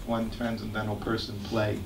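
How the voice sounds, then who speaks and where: An older man, telling stories about his memories in an animated way and laughing as he goes. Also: on the low side, normal speed, gravelly, noisy background. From United States. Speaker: guest speaker sharing memories. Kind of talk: anecdotal storytelling talk. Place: temple hall. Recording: echoey hall, mic at a distance.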